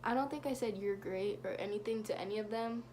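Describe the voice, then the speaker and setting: A woman's voice: mid-range voice, brisk, a little mellow, slight background noise. A woman telling a rambling, gushing story for her vlog, leaning on "like" again and again. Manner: gushing, rambling, heavy use of "like". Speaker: vlogger.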